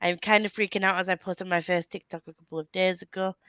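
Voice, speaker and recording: A woman hosting a casual reading livestream, giggly and excitable, who swears freely and talks over a video call. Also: fairly low pitch, fast, no echo, highs cut off. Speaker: livestream host.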